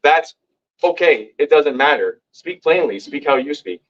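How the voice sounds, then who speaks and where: A man telling stories to a live audience at a community meeting, lively and acting out what others said. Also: unhurried, dull audio. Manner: lively, acts out quoted lines with big pitch jumps. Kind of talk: animated storytelling to a live audience. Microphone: hand-held microphone.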